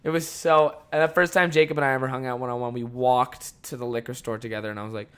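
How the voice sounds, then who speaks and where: A man in his twenties, a podcast guest, telling a story in casual chat, animated and laughing, swearing freely. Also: medium pitch, fast, clean tone.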